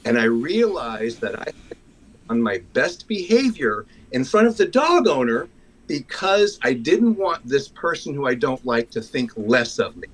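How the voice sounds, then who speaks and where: A man in a community group, sharing a personal story in a candid, self-deprecating way, often halting and restarting. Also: medium pitch, very animated, rough recording. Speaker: congregation member sharing a story.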